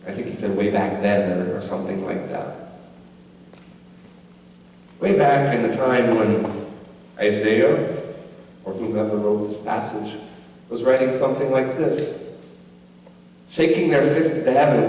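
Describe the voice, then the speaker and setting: A man's voice: mid-range voice, animated, moderate pace, gravelly, pauses often, dark tone. A male pastor preaching a sermon in a conversational, joking way, often checking in with the congregation. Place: large church sanctuary. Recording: echoey church hall, distant mic.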